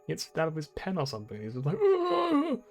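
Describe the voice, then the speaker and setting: A man's voice: fairly high pitch, animated, very fast, vocal fry, faint music behind. A young man casually commenting on his gameplay, rambling, swearing and laughing at himself. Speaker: streamer.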